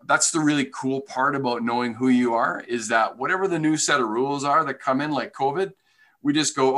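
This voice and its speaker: Bright, earnest man talking shop. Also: medium pitch, a little fast. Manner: earnest and passionate, with many fillers and restarts. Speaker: golf business leader, podcast guest. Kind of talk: conversational podcast interview.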